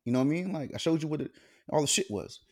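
Man, slightly higher voice, casual profane storyteller co-host. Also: animated, very fast, slightly rough. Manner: profane, laid-back storyteller. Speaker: podcast co-host.

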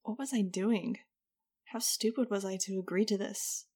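A woman's voice: mid-range voice, normal speed, a little mellow, husky. A woman narrating a first-person audiobook in a wry, conversational way.

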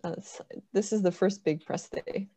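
Relaxed, joking woman filmmaker. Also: medium pitch, normal speed. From Canada. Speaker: horror filmmaker, guest. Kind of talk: casual interview chat. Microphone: video call.

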